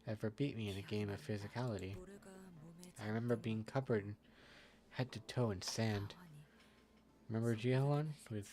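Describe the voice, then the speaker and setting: A man voicing a weary, guarded older man in a game, reading quietly with stumbles. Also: fairly low pitch, close to an everyday voice.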